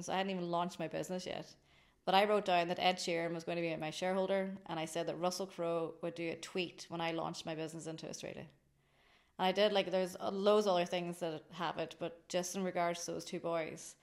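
Chatty Irish-raised woman, low voice. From Ireland. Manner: chatty, rambling, laughs often. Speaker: guest, drinks company founder. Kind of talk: casual interview chat.

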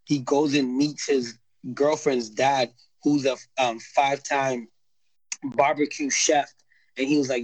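A man's voice: mid-range voice, steady tone, takes it slowly, no room sound, low-quality recording. A man in a casual podcast chat, rambling and laid-back as he recaps a TV show, full of slang and restarts.

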